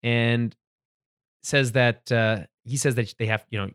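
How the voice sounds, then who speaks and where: Casually recapping a TV episode as a podcast co-host, a man speaks in a medium-pitched, steady, fairly bright voice that is clear and resonant. He takes his time, laughs often, and keeps restarting sentences. The recording is dry and studio quality.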